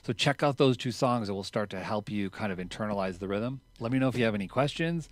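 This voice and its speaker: A man teaching drums in a relaxed, chatty way, explaining rhythms and counting triplets out loud as he plays. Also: on the low side, quick pace, no echo. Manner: counts triplets out loud over drumming, louder while counting; casual and chatty, with fillers. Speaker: drum teacher. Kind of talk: relaxed instructional talk.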